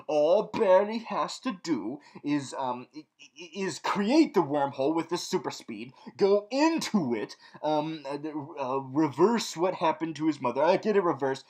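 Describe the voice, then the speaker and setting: A man's voice: fairly high pitch, expressive, unhurried, a little mellow. A young man in a villain persona, rambling through a casual, snarky TV recap full of fillers and restarts. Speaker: vlog host recapping a TV show.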